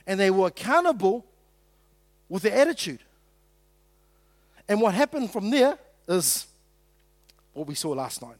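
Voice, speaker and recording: A middle-aged man preaches to his congregation in a high, light voice. He talks like he is chatting, jokes and acts out little quotes. The sound is close and dry. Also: big pitch swings, unhurried, pauses often, no echo. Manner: conversational, joking with the congregation, acting out quotes. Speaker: pastor. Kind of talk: sermon.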